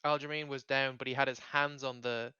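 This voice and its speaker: Bright-voiced man chatting casually. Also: mid-range voice, level tone, fairly quick, clean tone, no echo, dull audio. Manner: swearing, rambling, heavy on fillers. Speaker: podcast host. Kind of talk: casual chat.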